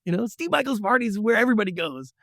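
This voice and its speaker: A man's voice: high-pitched, rapid-fire, vocal fry, no room sound, studio quality. A middle-aged man telling stories in an interview about his years as a TV producer and slipping into voices to act out what people said. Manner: animated storyteller who acts out quotes. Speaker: guest, former TV producer. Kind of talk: storytelling interview.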